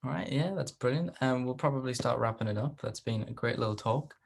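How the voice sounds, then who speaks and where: A man's voice: mid-range voice, brisk, vocal fry, a little hiss or hum. Laid-back man with a groggy morning voice. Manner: laid-back, chatty, says "um" often. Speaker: host. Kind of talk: casual interview chat.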